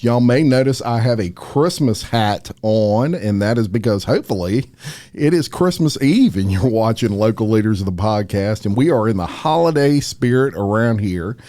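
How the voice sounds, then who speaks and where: A man's voice: fairly low pitch, mellow. A man hosting a podcast, chatting with a guest across the table, friendly with many fillers and restarts. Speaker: podcast host. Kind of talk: casual interview.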